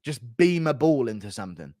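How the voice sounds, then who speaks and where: Lively-voiced young streamer. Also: male voice, medium pitch, brisk, no echo, studio quality. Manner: blunt, offhand, banters with chat. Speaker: livestream host. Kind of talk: casual livestream chat reading donations.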